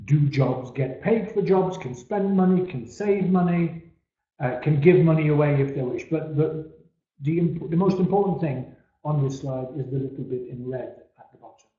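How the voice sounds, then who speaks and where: In an echoey, dull-sounding room recording, a man with a slightly high, dark-toned voice gives a webinar presentation. He stresses key words, lets the ends of phrases trail off, and often repeats words when restarting.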